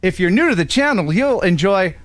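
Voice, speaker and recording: A playful man hosts a live drone show, talking in an animated, joking way. His voice sits high, and his pitch swings widely from line to line. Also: fairly quick, no room sound. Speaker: host. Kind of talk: live-stream casual chat.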